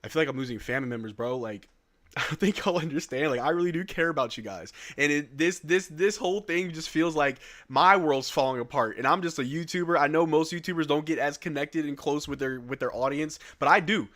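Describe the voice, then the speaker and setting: A man's voice: on the high side, brisk, fairly bright tone. A man hosting a live sports stream, talking candidly and rambling to his viewers with casual slang and cursing. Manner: candid, rambling, repeats himself.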